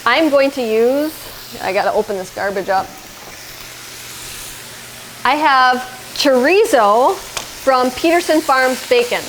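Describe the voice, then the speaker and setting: A woman's voice: high voice, animated, slow pace, long pauses, fairly bright tone, slight background noise, rough recording. A middle-aged woman hosting a casual cooking demonstration in her home kitchen, chatting through each step and talking to her son as she cooks. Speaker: cooking show host.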